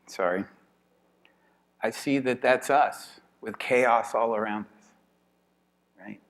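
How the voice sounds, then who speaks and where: A man giving an informal evening lecture to a class. He talks in a chatty way, laughs often and thinks aloud with restarts. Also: on the low side.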